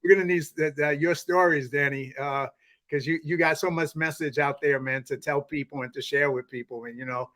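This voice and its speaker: A man's voice: on the high side, fairly even intonation, a little fast, a bit bright. A man hosting a podcast interview, rambling and heartfelt, with lots of restarts and "you know"s. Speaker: podcast host. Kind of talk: casual interview chat.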